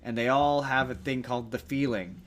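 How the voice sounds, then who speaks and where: Animated man chatting on a podcast. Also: medium pitch. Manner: animated, jokey, does quick shouted impressions. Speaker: podcast co-host. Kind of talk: casual chat.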